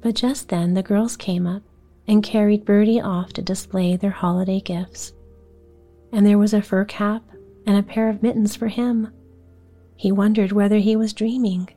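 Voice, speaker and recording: A woman narrating a bedtime story for a sleep podcast in a hushed, slow, soothing voice. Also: medium pitch, steady tone, soft background music. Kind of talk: whispered bedtime story reading.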